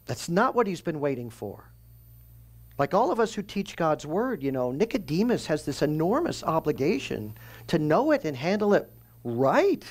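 A man's voice: fairly high pitch, sing-song, moderate pace. A man preaching a verse-by-verse sermon, explaining scripture in a conversational teaching tone and asking and answering his own questions. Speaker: pastor. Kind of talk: expository sermon.

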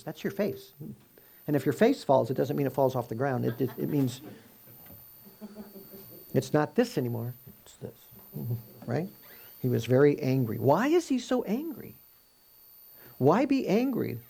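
A man teaches from scripture in a relaxed, conversational way, working through the text verse by verse and posing rhetorical questions to his listeners. His voice is gravelly and husky, with a warm, mellow tone. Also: on the high side. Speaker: Bible teacher.

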